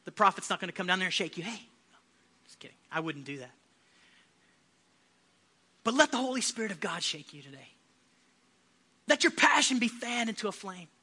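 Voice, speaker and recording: High bright-voiced male preacher. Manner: passionate, rising to shouts. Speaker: pastor. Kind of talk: sermon.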